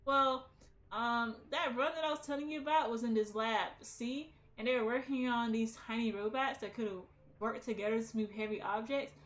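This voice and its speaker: A woman's voice: a little high, fairly even intonation, normal speed, a bit bright, lightly acted. A woman voicing a nervous young female hacker who rambles hesitantly, reading game dialogue aloud. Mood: sheepish.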